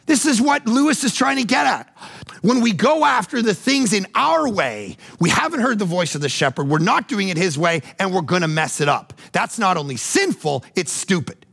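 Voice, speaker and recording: A middle-aged male pastor preaching a sermon, animated, jumping between loud mock voices and hushed, calm passages. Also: high voice, normal speed, creaky, breathy edge.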